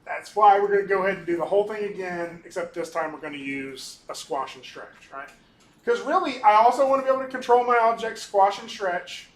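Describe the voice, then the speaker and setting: A male animation instructor lecturing casually through a software demo, often ending points with "right?" and pausing on "um". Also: high-pitched, animated, slight background noise. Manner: casual, talkative, keeps tagging on "right?"; frequent ums and restarts. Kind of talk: recorded class lecture with screen demo.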